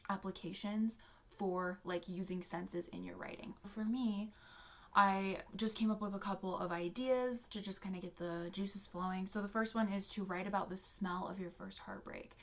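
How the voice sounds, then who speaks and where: A young adult woman hosting a casual teaching vlog, soft-spoken and chatty, with many fillers as she explains poetry exercises. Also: medium pitch. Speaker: poetry channel host.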